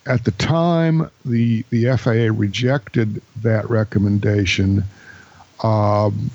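A man's voice: fairly low pitch, steady tone, slow, darkish tone, dry recording, lo-fi sound. A man co-hosting an aviation podcast, explaining an incident in a casual, hesitant way with many fillers. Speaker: podcast co-host. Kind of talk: casual chat.

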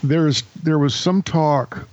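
A man co-hosts an aviation podcast, explaining an incident in casual chat that's hesitant and packed with fillers. His voice is a little high with a darkish tone, and he takes it slowly; the audio is dull with a little hiss or hum.

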